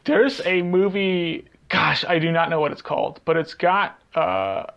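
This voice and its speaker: A man co-hosting a podcast, talking casually in a raised, gravelly voice. He rambles and trails off mid-thought, then picks the thread back up. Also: a little high, a little slow, fairly bright tone, highs cut off. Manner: rambling, trails off hunting for titles. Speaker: podcast co-host. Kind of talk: casual chat.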